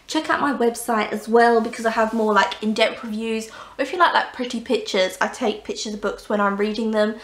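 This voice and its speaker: A young woman talks through her book reviews in a chatty, enthusiastic vlog style. Her voice sits a little high. The room is roomy and echoey. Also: fairly even intonation, fairly quick, hardly any pauses. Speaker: book vlogger. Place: indoors at home, under a blanket.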